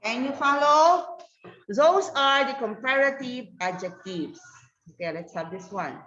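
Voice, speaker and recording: A woman teaching an English grammar lesson, speaking slowly and patiently and checking again and again that the class follows. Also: sits high, animated, fairly bright tone. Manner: slow, repetitive, checks understanding with "okay?". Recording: dull roomy classroom recording.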